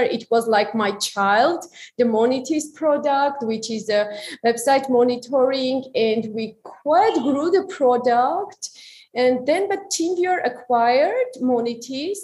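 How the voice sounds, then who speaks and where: A woman in her thirties with an Armenian accent, talking in a casual interview as a guest, friendly with slightly halting phrasing. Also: high-pitched, a little mellow, a little hiss or hum. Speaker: guest, engineering manager.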